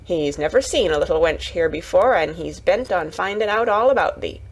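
Woman putting on a gruff old gardener. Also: on the low side, lively intonation, moderate pace, full character voice. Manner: blunt, grunting, dialect-heavy. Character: gruff old male Yorkshire gardener, surly.

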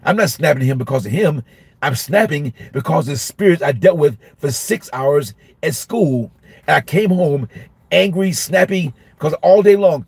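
A middle-aged male minister giving an informal Bible study, emphatic and repetitive, sometimes acting out shouting at a class. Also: a little high, lively intonation, normal speed, gravelly, slightly rough, no echo. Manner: emphatic, repeats phrases, acts out shouting at a class.

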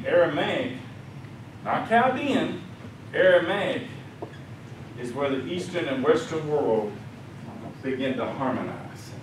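A man giving a conference lecture. He tells animated stories and acts out quoted voices. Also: high voice, far from the mic, slight background noise. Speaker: conference speaker. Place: conference hall. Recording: echoey hall, speaker off mic.

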